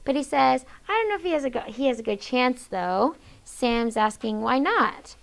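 Woman teacher, fairly high voice, reads a story aloud in class and hushes the kids. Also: expressive, normal speed, creaky. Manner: reads quoted lines with changed voices, hushes students often. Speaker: sixth grade teacher.

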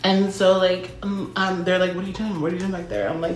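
A woman's voice: fairly low pitch, steady tone, fairly quick. Chatty young woman in a roomy space. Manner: chatty, heavy filler words, dramatic asides. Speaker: vlogger telling a story. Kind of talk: casual storytime monologue. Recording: roomy echo.

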